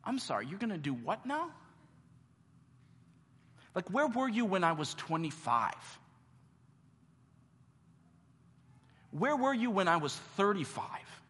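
A man voicing an elderly priest, squeaky and breathless, gushing then disbelieving. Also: sing-song, moderate pace, few pauses, bright, forceful tone, in a large hall, full character voice. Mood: incredulous.

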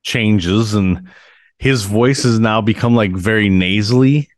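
A man's voice: on the low side, unhurried, crowd noise. A man co-hosting a podcast in casual chat, making dry, blunt remarks. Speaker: podcast co-host.

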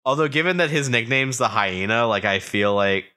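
Bright-voiced man recapping a manga. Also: mid-range voice, animated, clear, resonant tone. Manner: recaps the plot with joking asides and quick voiced quotes. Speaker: podcast co-host. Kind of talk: casual chat recapping a manga.

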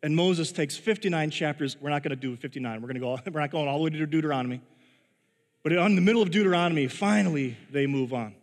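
A man preaching a sermon in a casual, storytelling way, full of halting restarts and chuckles at his own story. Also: fairly high pitch. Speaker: pastor. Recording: long reverb of a large hall.

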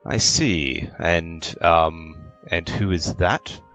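A man's voice: sits low, very slow, a bit bright, dull audio, soft background music, full character voice. A man voicing a dignified middle-aged male wood elf noble who speaks courteously and formally. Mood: polite, composed.

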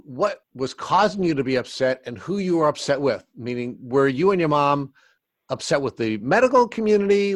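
A man's voice: fairly high pitch, no echo. A man working as an interviewer who asks probing questions and recaps the story before asking.

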